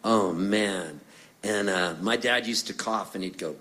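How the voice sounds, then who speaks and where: His voice sits low and moves at a moderate clip as he entertains the crowd between songs. The middle-aged Canadian is lively and playful, slipping into character voices while telling his funny stories.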